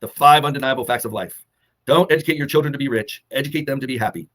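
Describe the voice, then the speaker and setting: A man co-hosting a fitness talk, delivering earnest, measured motivational advice and holding back emotion. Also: mid-range voice, a bit bright. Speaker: co-host of a fitness summit talk.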